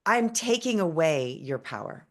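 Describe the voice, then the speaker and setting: A woman hosting a spiritual conversation, talking in a slow, musing and affectionate way. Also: low voice, sing-song. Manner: slow, musing and affectionate, calls people baby. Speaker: host.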